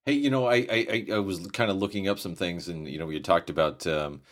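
A man's voice: low-pitched, fairly even intonation, fast. A man hosting a casual chat, easygoing, adding short replies and side notes. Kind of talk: casual conversation.

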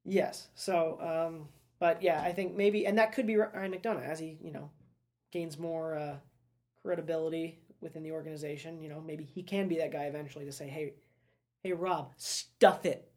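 Brief: low, dark-pitched woman, sports podcast co-host, chatty and wry. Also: steady tone, moderate pace. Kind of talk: casual sports talk.

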